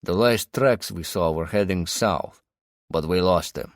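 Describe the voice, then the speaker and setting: A man's voice: deep voice, a little slow, no room sound, studio quality. A man voicing a stern male Russian raider leader who speaks over a radio with a Russian accent and gives curt orders. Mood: matter-of-fact.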